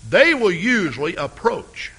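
A pastor preaching a sermon with dramatic storytelling and big swings in loudness. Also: male voice, high voice, very animated, a little slow, gravelly, breathy edge.

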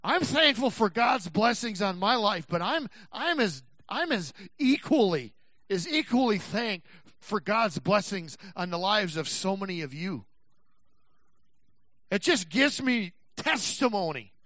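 A male pastor preaching a sermon, swinging from shouted passages to quiet, slow, emphatic stretches. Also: high-pitched, sing-song, no echo. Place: church.

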